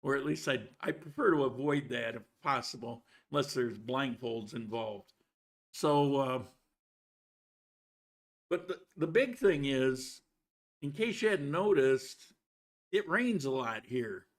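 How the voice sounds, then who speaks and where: A man's voice: medium pitch, lively intonation, takes it slowly. A man hosting a live stream, greeting viewers by name and chatting casually with frequent restarts. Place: living in Colombia.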